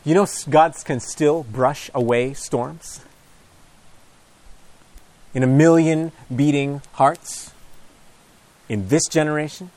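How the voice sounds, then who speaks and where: A man preaching a storytelling sermon, acting out gospel scenes, now booming, now hushed. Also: slow pace, long pauses, no room sound. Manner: animated, acts out gospel scenes with shifting pitch and hushed lines.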